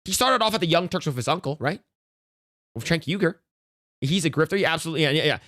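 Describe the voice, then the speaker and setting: A man's voice: fairly high pitch, lively intonation, fast talker, a bit bright, no room sound, clean studio sound. A man streaming casual reaction commentary, ranting bluntly and profanely with frequent restarts.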